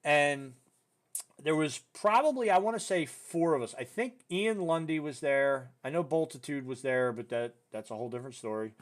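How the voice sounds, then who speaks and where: Chatty man telling a story. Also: normal speed. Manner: animated, voice jumps high when quoting people; loose, filler-heavy talk with "dude" and "you know". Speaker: podcast host. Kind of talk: casual storytelling chat.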